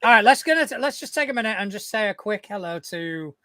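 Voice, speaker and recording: Laid-back male co-host with a bright, high voice who swears casually. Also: animated, fast talker, no room sound. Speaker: podcast co-host. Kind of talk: casual live-stream chat.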